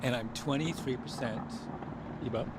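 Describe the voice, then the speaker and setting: A man being interviewed about his book, telling animated stories with frequent laughs and restarts. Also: mid-range voice, normal speed. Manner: animated storyteller, laughs often, restarts sentences. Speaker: interview guest, author. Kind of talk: casual interview chat. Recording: loud traffic noise behind.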